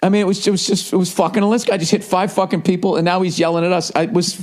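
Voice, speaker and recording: A man's voice: high voice, steady tone, fast. A male comedian and podcast host telling a story in a casual monologue, profane, ranting and incredulous.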